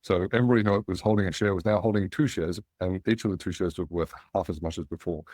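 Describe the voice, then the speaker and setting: A middle-aged Australian man, a guest in an interview, telling relaxed anecdotes and animating the voices of people he quotes. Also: deep voice, quick pace, no room sound, clean studio sound. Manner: anecdotal, animated when quoting others. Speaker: guest, angel investor.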